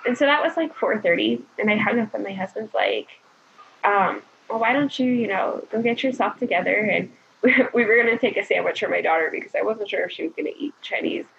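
A woman casually telling her birth story as a guest, chatty and animated, quoting people often. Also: mid-range voice, brisk, vocal fry. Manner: chatty, animated retelling with frequent "like" and laughter. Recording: dull lo-fi recording.

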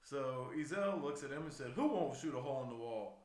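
A man's voice: mid-range voice, expressive, a little fast, a little mellow, roomy sound. A man co-hosting a casual podcast, joking along and chiming into the story. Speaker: podcast co-host. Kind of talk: casual chat.

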